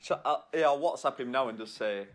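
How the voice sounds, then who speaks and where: A man co-hosting a podcast in casual chat, joking and teasing and quick to laugh. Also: medium pitch. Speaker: podcast co-host.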